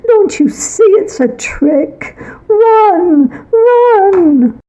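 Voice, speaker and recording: A woman's voice: very high voice, sing-song, very slow, pitched above the performer's own voice, heavily acted, poor audio. A woman voicing a frantic older mother who screams a warning to her daughter in a story reading. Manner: panicked shouting.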